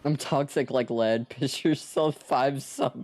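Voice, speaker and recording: A man's voice: medium pitch, steady tone, takes it slowly, few pauses, a little mellow. A man chatting casually with his viewers on a live art stream, playful and teasing, swearing freely. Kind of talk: casual live stream chat while drawing.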